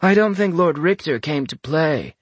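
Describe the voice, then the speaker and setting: A man's voice: on the high side, lively intonation, moderate pace, slightly rough, no echo, voice pushed up. A man doing an amused, charming young twin.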